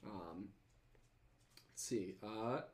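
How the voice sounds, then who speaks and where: A man's voice: fairly low pitch, very slow, darkish tone, echoey room. A man hosting a podcast, chatting casually and reading viewer comments, rambling with many fillers and restarts. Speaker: podcast host.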